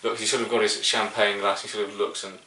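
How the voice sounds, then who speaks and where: A man's voice: on the low side, little pitch movement, fast, pushed and bright, slight background noise. Hesitant man running a game. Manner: hesitant, full of "sort of" and restarts. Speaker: game master. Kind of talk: narrating a tabletop game. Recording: echoey room, mic at a distance.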